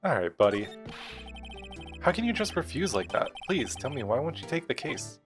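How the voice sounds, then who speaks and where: A man's voice: medium pitch, very animated, moderate pace, pitched above the performer's own voice. A man voicing an earnest young male defense lawyer in his own plain voice, over game music.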